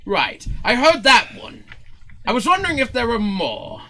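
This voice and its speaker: A man's voice: very high voice, huge pitch swings, moderate pace, pushed and bright, voice pushed up, exaggerated voice. A man voicing a pompous male showman who speaks with grandiose, patronizing politeness. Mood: impatient.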